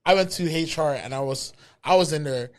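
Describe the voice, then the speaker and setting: A man with a mixed Bermudian and British accent co-hosting a podcast, telling stories in animated, casual chat with free swearing. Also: on the high side, fairly quick. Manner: animated storyteller, swears freely. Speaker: podcast co-host.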